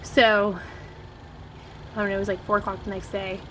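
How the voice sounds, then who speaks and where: A woman's voice: mid-range voice, level tone, moderate pace, a bit bright, slight background noise, poor audio. A woman from Ohio telling a story to camera in a chatty vlog, with lots of "like" and "oh my gosh". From Ohio, USA. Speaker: vlogger. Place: home, dogs nearby. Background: barking dogs.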